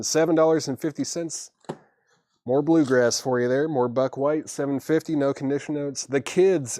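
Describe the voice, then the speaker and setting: A relaxed man hosts a live record sale from a shop, calling out albums, prices and buyers in an easygoing way. His voice sits at an ordinary middle pitch. The sound is dry, with no room echo. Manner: easygoing, reads prices and buyer names, chuckles at himself. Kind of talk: casual live-stream selling.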